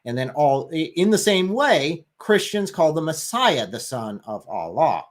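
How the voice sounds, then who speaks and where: A man's voice: a little high, big pitch swings, unhurried. Emphatic man arguing on a livestream. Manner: emphatic, pointed, sarcastic. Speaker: guest on a livestream discussion. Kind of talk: argumentative livestream discussion.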